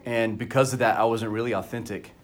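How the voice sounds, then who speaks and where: A man's voice: mid-range voice, steady tone, fast talker. A man preaching a sermon as pastor at a church service, talking candidly and conversationally to the congregation.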